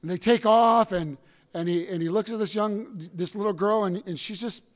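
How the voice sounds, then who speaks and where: A man preaching a sermon as pastor, emphatic, bursting into shouts and acting out stories. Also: high-pitched, normal speed, big-room sound.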